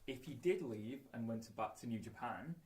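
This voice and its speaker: A man's voice: medium pitch, expressive, normal speed, a little mellow. A man co-hosting a podcast, dry and matter-of-fact as he reads out a poll. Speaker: podcast co-host. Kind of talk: casual chat. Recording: distant mic, roomy echo.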